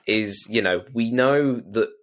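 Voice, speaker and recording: Bright jokey man on a podcast. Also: lowish voice, takes it slowly. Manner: jokey, joins jokes with silly put-on voices. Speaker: podcast co-host. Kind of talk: casual film discussion.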